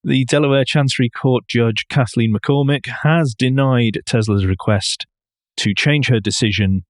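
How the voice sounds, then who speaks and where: A man's voice: medium pitch, unhurried, no echo. A man co-hosting a podcast, chatting about car news with dry, wry remarks. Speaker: podcast co-host.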